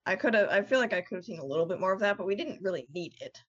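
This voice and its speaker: A woman co-hosting a podcast, chatting casually, relaxed and swearing now and then. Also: medium pitch, racing, slightly rough, dull audio. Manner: relaxed, swears casually, short agreeing replies. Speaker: podcast co-host. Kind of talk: casual chat.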